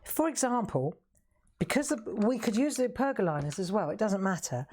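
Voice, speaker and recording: A woman's voice: medium pitch, sing-song, moderate pace, darkish tone, a little hiss or hum. A middle-aged woman with a Southern English accent, hosting a live craft demonstration in a chatty, self-mocking way and laughing often. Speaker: craft show host. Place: craft room.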